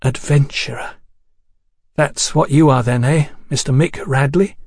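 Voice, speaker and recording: A man's voice: medium pitch, measured pace, darkish tone, breathy edge, dry recording, clean studio sound. A man doing a tart, wary young woman. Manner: tart, questioning. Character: sharp-tongued young woman singer, wary and proud.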